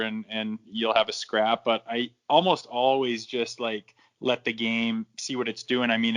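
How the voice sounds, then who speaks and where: A man's voice: fairly low pitch, a bit bright, highs cut off. A man in his thirties, a former hockey enforcer, swearing freely and acting out the dialogue while telling stories as a podcast guest. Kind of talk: casual storytelling in a podcast interview.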